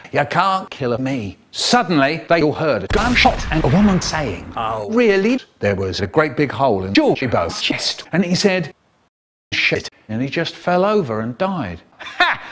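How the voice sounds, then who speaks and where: A man telling a spliced-together comic story in an animated voice that jumps into sudden squeaky highs.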